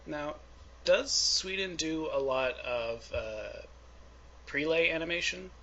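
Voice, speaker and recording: A man's voice: fairly high pitch, takes it slowly, fairly bright tone, muffled recording, slight background noise. A man hosting an interview, asking questions in a chatty, friendly way with hesitant fillers. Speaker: interviewer host.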